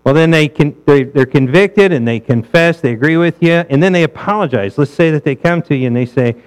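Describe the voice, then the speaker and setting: A man's voice: fairly high pitch, a little fast, few pauses, clear, resonant tone, poor audio. A male pastor preaching a sermon in a conversational way, asking his listeners rhetorical questions.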